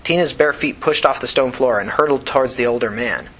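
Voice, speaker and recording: A male narrator reading a thriller chapter for a podcast. His voice is husky with a bright, forceful edge. The storytelling stays tense and driving. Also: mid-range voice, fairly quick, rough recording. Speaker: audiobook narrator. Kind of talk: scripted fiction narration.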